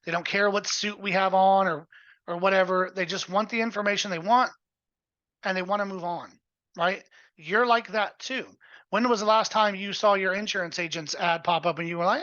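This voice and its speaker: A man's voice: sits high, moderate pace, sharp tone, no room sound. A man hosting a casual coaching webinar, blunt and profane with plenty of energy, heard over a video call. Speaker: webinar host. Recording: dull, lo-fi audio.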